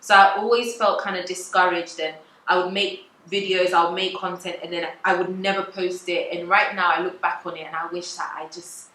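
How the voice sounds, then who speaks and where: A woman's voice: fairly low pitch, steady tone, fairly quick, hardly any pauses, sharp tone, reverberant, poor audio. A woman, chatting casually and confessionally to camera as a vlogger, laughing often. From England. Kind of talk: casual vlog talk to camera.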